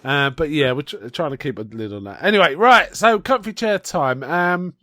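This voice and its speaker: A man's voice: a little high, expressive, moderate pace, pushed and bright, no echo, clean studio sound. A man co-hosting a podcast, chatting casually and rambling through his explanations with a laugh here and there. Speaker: podcast co-host. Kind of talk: casual chat.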